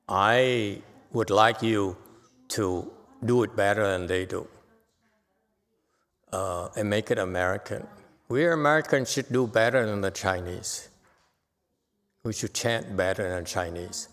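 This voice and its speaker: A man's voice: fairly low pitch, a bit bright. An older man giving an unscripted dharma talk as a Buddhist teacher, blunt and exhorting, often checking in with "okay?". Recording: long reverb from a hall.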